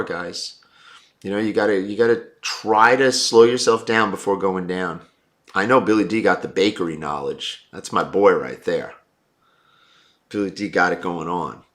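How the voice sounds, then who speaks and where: A man's voice: on the low side, a bit bright. A man hosting a livestream, reading viewer comments and giving blunt, opinionated takes. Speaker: livestream host.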